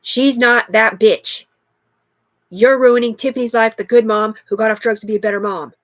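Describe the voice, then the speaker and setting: A woman's voice: a little high, steady tone, fast, dry recording. A middle-aged woman in an agitated, rambling livestream monologue, heavy with profanity.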